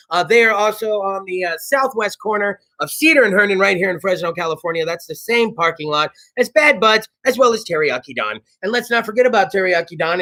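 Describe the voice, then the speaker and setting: With a voice that sits high, a man from South Texas runs a laid-back talk show full of loud, excitable, profane energy. He frequently breaks into yelling as he pitches his sponsors.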